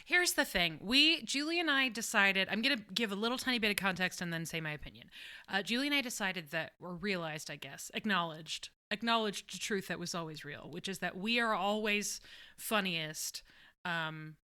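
A woman's voice: mid-range voice, expressive, moderate pace, pushed and bright, clear, resonant tone. A woman co-hosting a podcast, playful and jokey, explaining things with care in casual chat. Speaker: podcast co-host.

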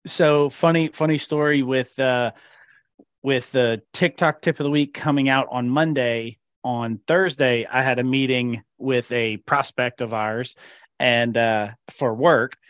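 A man's voice: mid-range voice, steady tone, unhurried, fairly bright tone, no room sound. Easygoing man, laughing podcast co-host. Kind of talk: casual chat. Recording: dull, dry lo-fi sound.

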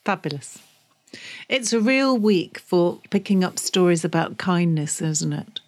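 A woman's voice: fairly low pitch, expressive, unhurried. Enthusiastic woman co-host telling news stories. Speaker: podcast co-host. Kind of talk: casual radio-style chat.

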